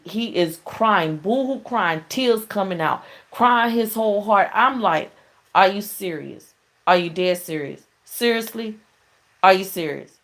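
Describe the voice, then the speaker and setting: A middle-aged woman hosting a casual call-in show, telling stories in a chatty way and laughing often. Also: a little high. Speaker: talk show host.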